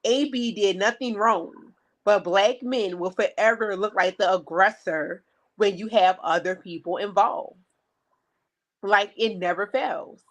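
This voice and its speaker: In a mid-range voice at a measured pace, a woman co-hosting a podcast relates a story over casual banter. Her delivery is animated, and she plays out the lines spoken by those in the tale.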